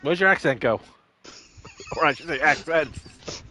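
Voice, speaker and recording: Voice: medium pitch, unhurried, bright, forceful tone, a little hiss or hum. A co-player chatting casually over a video game, teasing and laughing a lot, tossing in mock phrases. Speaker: game streamer. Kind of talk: casual chat over gameplay.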